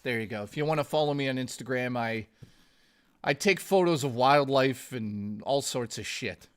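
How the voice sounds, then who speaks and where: A man's voice: medium pitch, normal speed, clear, resonant tone. A man streaming live, chatting casually and ramblingly with viewers, swearing often and calling them dude and guys. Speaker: gaming streamer.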